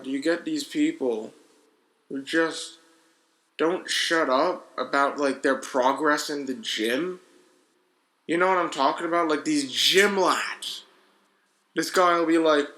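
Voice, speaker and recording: A man's voice: fairly high pitch, fairly bright tone. A young man hosting a casual solo podcast, rambling energetically in slangy talk with frequent restarts. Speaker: podcast host.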